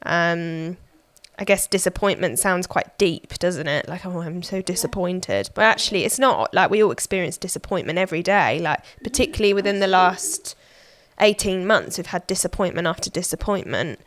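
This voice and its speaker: A woman's voice: fairly low pitch, lively intonation, moderate pace. A woman hosting a podcast, chatting casually and thinking aloud with plenty of fillers.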